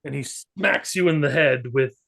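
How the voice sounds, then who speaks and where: A man's voice: a little high, moderate pace, creaky, a bit bright. A man narrating as game master in a tabletop game, chatty and loose, with plenty of fillers.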